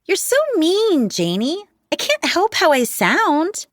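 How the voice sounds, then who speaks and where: A woman voicing a petty young female rival who talks in a fake, whiny high-pitched baby voice with mocking, sugary friendliness. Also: big pitch swings, takes it slowly, dry recording, clean studio sound, full character voice.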